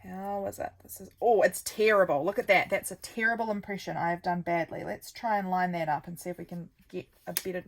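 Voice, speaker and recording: A woman's voice: lowish voice, slight background noise, poor audio. A woman vlogger chatting casually as she works on a craft project, thinking aloud and poking fun at her own mistakes. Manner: thinks aloud while working, rambling and self-deprecating.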